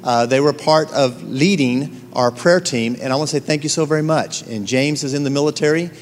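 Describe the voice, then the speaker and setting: A man's voice: fairly high pitch, a little fast. A male pastor making church announcements, thanking members, with frequent hesitant fillers. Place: large church sanctuary. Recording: long church reverb, faint crowd and noise.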